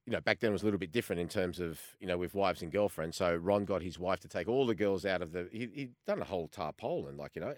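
A man in his fifties with an Australian accent, a former goalkeeper telling an animated story as a sports radio guest and acting out the conversations he recounts. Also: low voice, dry recording, clean studio sound. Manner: animated storyteller who acts out quoted exchanges.

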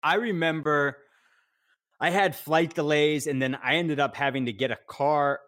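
A man's voice: on the high side, steady tone, moderate pace, a bit bright, no room sound. Rambling man with a dry, close sound. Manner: rambling, self-correcting anecdote. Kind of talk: casual interview chat.

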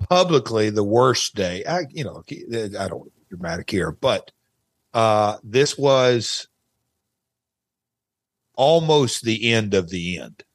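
A man's voice: fairly low pitch, lively intonation, takes it slowly, no echo. Candid man, dry close sound. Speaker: podcast guest, wrestling announcer. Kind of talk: casual chat, candid storytelling.

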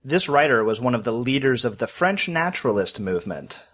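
A man's voice: medium pitch, very animated, fairly quick, a bit bright. A man running a trivia quiz on a podcast, reading clues in an upbeat way. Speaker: quizmaster.

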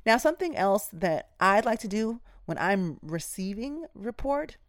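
A woman's voice: mid-range voice, sing-song, measured pace, dry recording, studio quality. A woman nurse hosting a podcast, telling work stories in a direct, emphatic, casual way and speaking straight to her listeners. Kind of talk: casual instructive storytelling.

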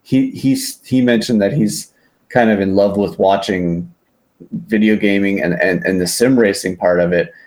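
A man with a lowish voice chatting casually as a podcast co-host. He rambles, stops and restarts with plenty of fillers. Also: fairly even intonation, normal speed, a little mellow. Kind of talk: casual chat.

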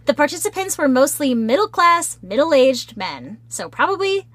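A woman's voice: high-pitched, very animated, moderate pace, fairly bright tone, no echo. A woman co-hosting a casual podcast discussion, earnest, reading from her notes with restarts. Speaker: podcast co-host.

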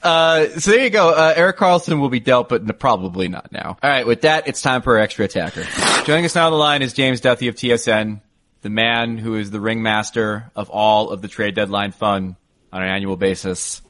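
A man's voice: medium pitch, brisk, a bit bright, dry recording. A man hosting a podcast with wry, teasing humour. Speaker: podcast host. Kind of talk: podcast chat.

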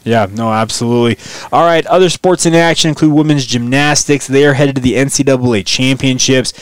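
A man's voice: medium pitch, smooth, no echo. A man hosting a sports podcast, chatting casually and upbeat with his co-host. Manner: conversational, upbeat sign-off, quick laughs.

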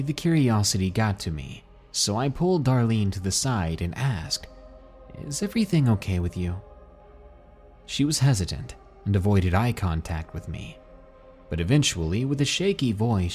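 A man narrating a scary first-person story for a podcast in a measured, suspenseful way. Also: lowish voice, slightly rough. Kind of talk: scripted horror narration. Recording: soft music behind.

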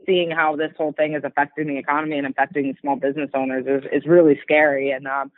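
A woman's voice: deep voice, level tone, quick pace, dry recording. A woman fighter chatting casually in an interview, rambling with lots of likes and you-knows. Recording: dry, tinny phone-like line.

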